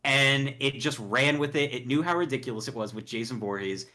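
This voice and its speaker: A young man talking as a guest on a casual podcast, animated and quick, often breaking into laughs. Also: mid-range voice. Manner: animated, fast, laughing, does quick voices in anecdotes. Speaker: podcast guest, horror reviewer.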